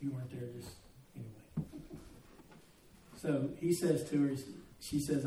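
Older male pastor, mellow voice, folksy then earnest, picked up from across a roomy sanctuary. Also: medium pitch, normal speed, pauses often, a little hiss or hum. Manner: folksy, joking storyteller turning earnest. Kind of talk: sermon. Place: church sanctuary. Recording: roomy echo, mic at a distance.

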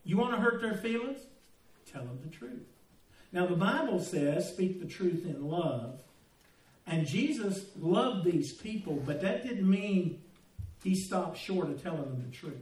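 Older male pastor, mellow voice, folksy then earnest, picked up from across a roomy sanctuary. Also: sits high, animated, measured pace. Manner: folksy, joking storyteller turning earnest. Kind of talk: sermon. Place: church sanctuary. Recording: roomy echo, mic at a distance.

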